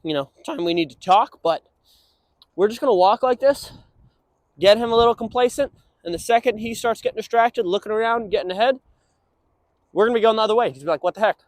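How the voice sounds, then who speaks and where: A young man training a dog, explaining casually and breaking into high sing-song praise for it. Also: fast, long pauses, no echo. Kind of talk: instructional walk-and-talk.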